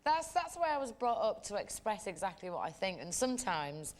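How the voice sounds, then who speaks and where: Loud, forthright Yorkshire woman. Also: mid-range voice, sing-song, a little fast. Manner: forthright, loud, laughs easily. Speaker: talk show guest. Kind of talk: casual interview chat.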